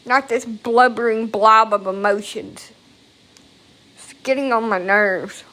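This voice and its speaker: A woman's voice: fairly high pitch, steady tone, slow pace, fairly bright tone. A woman talking casually into a phone at home, rambling and emotional, with frequent swearing. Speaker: vlogger. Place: at home, indoors.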